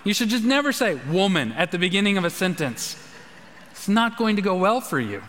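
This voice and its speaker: A man, preaching a conversational sermon as a pastor, sometimes sinking to a hushed, intense delivery. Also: sits high, sing-song, a little fast, slight background noise. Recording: long hall reverb.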